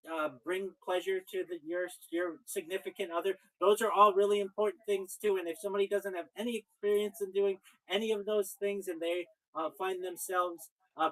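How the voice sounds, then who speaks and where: A rabbi who hosts a show talks casually and at great length in a conversation, his voice sitting high on a low-quality recording. He often cuts in to disagree, repeatedly saying "wait."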